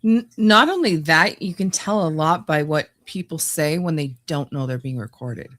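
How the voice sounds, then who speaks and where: A woman's voice: deep voice, normal speed, a bit bright. A woman co-hosting a podcast in casual chat, playful and teasing toward her co-host.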